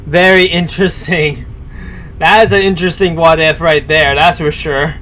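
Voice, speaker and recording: A man talks through a live stream in a loose, hesitant ramble, full of fillers and restarts. His voice sits a little high. A faint low rumble hums underneath. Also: moderate pace, fairly bright tone. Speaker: streamer reacting to a story. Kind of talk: casual live-stream commentary.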